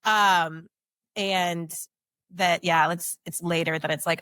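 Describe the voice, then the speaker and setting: A woman's voice: fairly low pitch, steady tone, slow pace, a bit bright, no echo. A woman co-hosting a podcast, chatting casually and affirming her guest. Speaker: podcast co-host.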